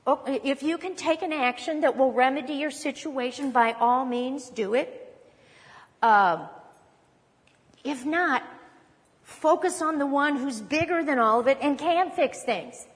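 Woman, pastor, sermon, high voice, emphatic conversational delivery, long hall reverb. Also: a little slow. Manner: conversational, emphatic, repeats key lines.

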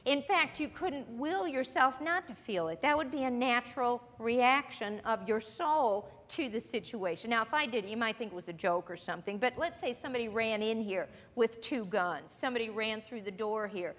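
A woman's voice: a little high, animated, moderate pace, hardly any pauses, fairly bright tone. A woman teaching a church Bible lesson to a group, earnest and conversational, posing questions to her listeners. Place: church meeting room with an audience. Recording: long reverb of a hall.

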